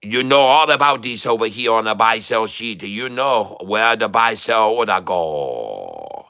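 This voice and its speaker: A man voicing a jokey male trader who speaks halting broken English with dropped words and many fillers, as a comic put-on while trading live. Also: fairly low pitch, sing-song, bright, forceful tone, smooth, full character voice. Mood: playful.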